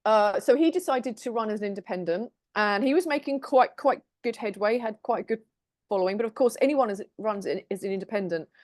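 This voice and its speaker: A woman's voice: mid-range voice, a little fast, a little mellow, dry recording. A British woman co-hosting a tarot chat show, talking casually with plenty of ums and restarts. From Britain. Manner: chatty, many ums and restarts. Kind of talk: casual group chat, introducing topics.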